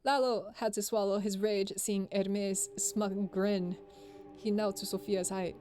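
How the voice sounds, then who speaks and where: A woman's voice: mid-range voice, steady tone, unhurried, mellow, faint music behind. A young woman streamer reading a visual novel aloud, playful, laughing and voicing the characters. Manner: playful, laughs a lot, does character voices.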